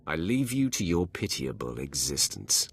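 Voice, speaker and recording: A deep husky Sith warrior. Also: male voice, sing-song, moderate pace, heavily acted. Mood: cold taunting. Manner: cold, taunting. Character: menacing male Sith warrior, cold and commanding.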